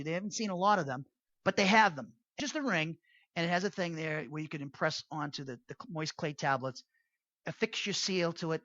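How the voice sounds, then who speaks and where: A man's voice: high voice, sharp tone, dry recording, muffled recording. A man teaching an evening Bible study in a casual, digressive way, with restarts and asides.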